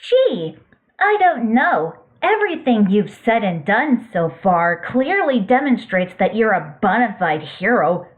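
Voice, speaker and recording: A woman's voice: a little high, big pitch swings, takes it slowly. A woman voicing a blunt, sarcastic young heroine. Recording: tinny phone-like audio.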